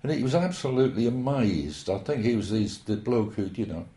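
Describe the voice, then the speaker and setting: A man's voice: medium pitch, lively intonation, brisk, mellow. A man, reminiscing at length in a rambling, hesitant, folksy way. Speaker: interviewee. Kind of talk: oral history reminiscence. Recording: roomy echo.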